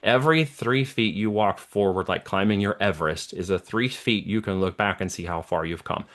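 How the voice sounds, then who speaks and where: Middle-aged guy preaching about mindset, low voice, keeps asking "okay?". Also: moderate pace, fairly bright tone. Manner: preachy, checks in with listener often. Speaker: guest, entrepreneur. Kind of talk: motivational talk in an interview.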